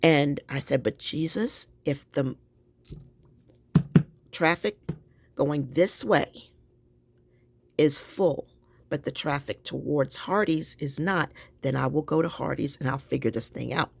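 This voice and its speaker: A woman's voice: low-pitched, slow, creaky, long pauses, slightly rough, no room sound. A woman telling a story in a chatty, exasperated way, venting to her viewers. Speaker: vlogger. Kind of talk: casual storytelling vent.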